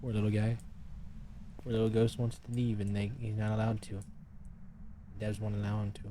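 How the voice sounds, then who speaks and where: A man's voice: on the low side, monotone, normal speed, noisy background. A man streaming a game live, chatting casually, calling out to the ghost and grumbling about game updates. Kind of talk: casual live gameplay commentary.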